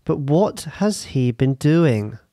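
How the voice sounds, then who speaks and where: A man's voice: a little high, big pitch swings, takes it slowly, mellow, dry recording. Teasing young man host. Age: young adult. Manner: teasing, dry. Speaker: podcast host. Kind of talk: casual chat.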